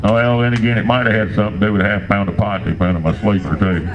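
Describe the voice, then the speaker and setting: Crude retired trucker comic. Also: male voice, lowish voice, racing, dull audio. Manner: crude, rambling deadpan storytelling. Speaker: standup comedian. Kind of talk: standup comedy set.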